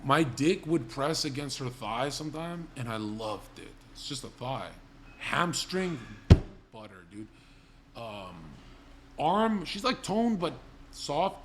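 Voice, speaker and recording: A man's voice: a little high, very animated, slow, fairly bright tone. A young man hosting a livestream, telling crude comedic stories in a blunt, rambling, profane way. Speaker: livestream host.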